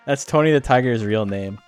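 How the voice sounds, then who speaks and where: In a casual livestream, a man with a medium-pitched, clean-toned voice hosts a game tournament stream. His talk is rambling and crude, packed with fillers.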